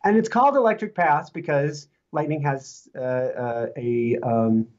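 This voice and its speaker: A podcast co-host chatting casually and telling an anecdote in a relaxed way, with fillers. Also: medium pitch, measured pace, muffled recording. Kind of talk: casual chat.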